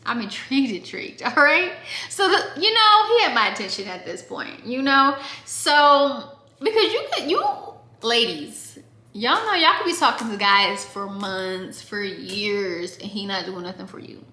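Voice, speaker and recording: A young woman from Oregon chats through a storytime, talking straight to her viewers with lively, animated energy. Her voice sits a little high and sounds bright and sharp. The room around her rings with echo. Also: a little slow. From Oregon, USA. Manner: chatty, animated, addresses viewers directly. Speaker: vlogger. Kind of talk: casual storytime. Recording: echoey room.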